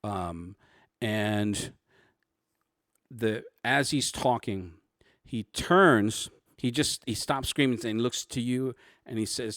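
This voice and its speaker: A man narrating a tabletop role-playing game as game master, describing scenes in halting, restarting sentences. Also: mid-range voice, fairly bright tone, no echo, clean studio sound.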